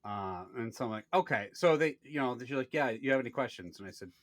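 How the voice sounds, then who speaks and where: A man in his thirties, co-hosting a casual podcast, telling a story with lively acted-out quotes and plenty of swearing. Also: mid-range voice, fast talker, no room sound. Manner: animated storyteller, acts out quoted people, swears freely. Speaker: podcast co-host.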